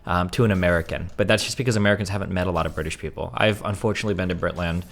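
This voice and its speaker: Fast-talking gravelly-voiced male streamer. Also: low-pitched, steady tone. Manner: sarcastic, provocative banter. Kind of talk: casual stream debate.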